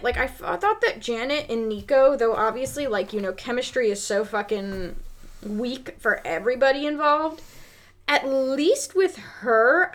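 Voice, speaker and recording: A woman co-hosting a casual podcast, reviewing a movie in a rambling, sweary, animated way. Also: high-pitched. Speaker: podcast co-host.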